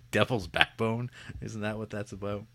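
A man casually retelling a film's plot in a rambling, joking way, slipping into quick voices for the characters. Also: on the low side, steady tone, pushed and bright. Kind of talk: casual film discussion.

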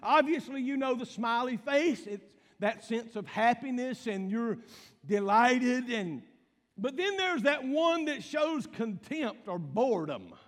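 A man preaches a light, joking sermon, spinning folksy stories and checking in with the congregation as he goes. His voice sits unusually high. The sound carries a long reverb from a large hall. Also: sing-song, measured pace. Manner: folksy storytelling with call-outs to the congregation. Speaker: pastor. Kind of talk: humorous sermon.

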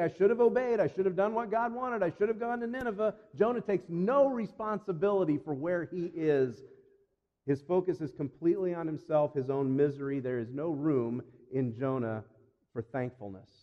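A man preaching a sermon in an earnest, emphatic way, repeating phrases and slowing down for weight. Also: on the high side. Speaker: pastor. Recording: dull sound with long reverb.

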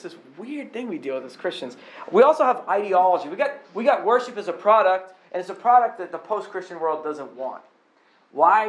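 A man preaching a sermon in a loose, joking, conversational way, with a Boston accent, in a church. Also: fairly high pitch. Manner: humorous, conversational, mimics other voices. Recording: echoey room.

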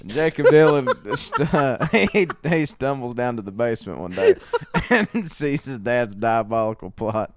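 A man's voice: medium pitch, big pitch swings, unhurried, few pauses, no room sound. A man co-hosting a comedy podcast, giggling and wry as he spins jokes. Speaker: podcast co-host. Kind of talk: casual comedy chat.

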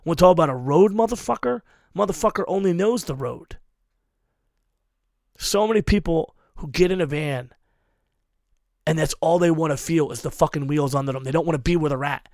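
This hardcore show booker, a man in his forties, gives hard-driving advice laced with nonstop swearing and forceful emphasis. He has a slightly high, darkish voice, speaks at a moderate pace with frequent pauses, and is recorded in studio quality with no room sound.

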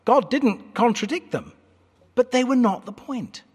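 A man's voice: very high-pitched, animated, a little slow, slightly rough. A British man in his fifties preaching an earnest, articulate sermon from a church pulpit, with wry asides. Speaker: pastor. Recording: echoey church hall.

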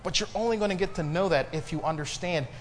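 A male pastor preaching a sermon to his congregation, building emphasis and pausing for responses. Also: high-pitched, in a large hall. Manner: preaching with rising emphasis and call-and-response pauses. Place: church sanctuary.

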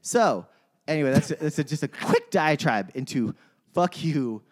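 A man's voice: fairly high pitch, animated, measured pace. A man co-hosting a casual sports podcast, ranting his hot takes with plenty of swearing and trailing off mid-sentence. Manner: rambling, restarts mid-sentence. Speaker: podcast co-host.

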